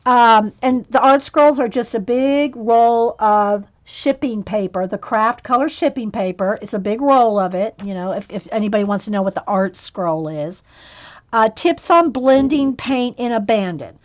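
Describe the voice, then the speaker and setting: A woman's voice: a little high, measured pace, highs cut off. A middle-aged woman hosting an art channel, rambling in casual livestream chat with many restarts. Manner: rambling, chatty, restarts often. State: has the hiccups.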